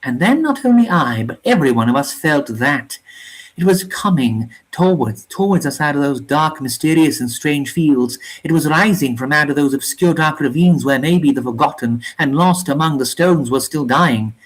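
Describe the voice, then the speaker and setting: A reader narrating a grim war novella aloud in a measured, somber way. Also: medium pitch, animated, rough recording. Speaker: reader of a story channel.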